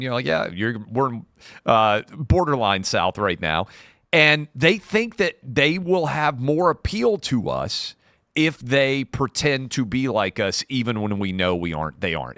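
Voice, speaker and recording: A male podcast guest from Tennessee arguing his point with emphasis and force. His voice is bright and tense, at a middle pitch, recorded close and dry. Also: no room sound. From Nashville, Tennessee. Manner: emphatic, argumentative opinion. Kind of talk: casual podcast talk.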